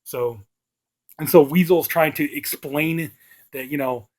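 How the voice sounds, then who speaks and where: A man's voice: on the high side, a little slow, a little mellow. A man casually retelling and reviewing a horror movie, rambling along with constant filler words. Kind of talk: casual plot recap and review.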